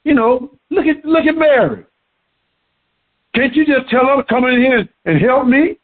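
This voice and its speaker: A man preaching, acting out a fretful, overworked woman who pleads indignantly, raising his voice higher. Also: normal speed, breathy edge. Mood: exasperated. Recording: tinny phone-like sound.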